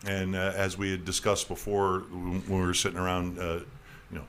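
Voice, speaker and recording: A man's voice: deep voice, completely flat delivery, brisk, fairly bright tone, a little hiss or hum. A man hosting a casual radio talk show, rambling with restarts and jokey asides, with a slight New York accent. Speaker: host.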